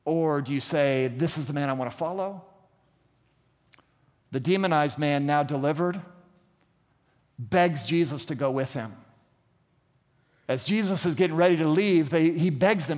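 A man's voice: fairly high pitch, moderate pace, pauses often, a little mellow. Preaching man in a reverberant hall. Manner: preaching with dramatic retellings and rhetorical questions. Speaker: pastor. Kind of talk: sermon.

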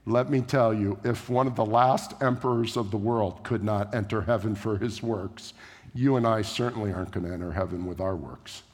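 A man's voice: lowish voice, steady tone, moderate pace, breathy edge. A man preaching a sermon in a church, telling a story in a conversational way. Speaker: pastor. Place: church sanctuary. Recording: echoey church hall.

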